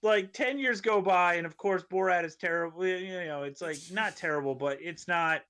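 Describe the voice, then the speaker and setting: A man, a comedian guest on a studio podcast, telling a rambling story in an animated way and acting out the voices of people in it. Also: high voice, normal speed, clean tone. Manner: animated, acts out voices in his stories, rambling tangents.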